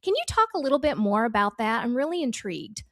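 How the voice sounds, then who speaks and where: A woman's voice: on the high side, very animated, fast. A woman hosting a podcast, asking questions and encouraging her guest with frequent affirmations. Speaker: podcast host. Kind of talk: casual conversational interview.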